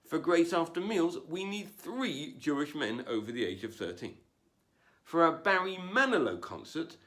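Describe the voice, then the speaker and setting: Comic, lively wry delivery, fairly high voice, dry self-mocking stand-up. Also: male voice. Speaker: stand-up comedian. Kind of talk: stand-up comedy monologue. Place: home, performing without an audience.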